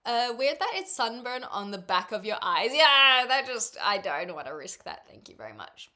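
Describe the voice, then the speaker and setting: A woman with a New Zealand accent talks to her livestream chat in a relaxed, meandering way. Her voice is bright and forward. Now and then she slips into deadpan sarcasm. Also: a little high, moderate pace. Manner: chatty and meandering, dry sarcasm. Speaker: streamer. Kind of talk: casual livestream chat, reading chat aloud.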